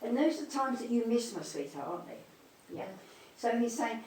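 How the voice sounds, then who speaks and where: Calling her audience darling and sweetheart, a woman speaks tenderly during a live mediumship demonstration at a spiritualist church hall. She talks a little fast with few pauses, her fairly high voice expressive and darkish in tone. Captured from a distance in an echoey hall, the audio carries faint noise.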